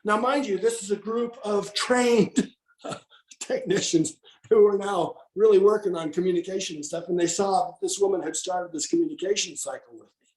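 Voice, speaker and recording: A man's voice: sits high, moderate pace, darkish tone, roomy sound. A man, an interview guest, telling an anecdote in casual conversation and acting out the voices he quotes.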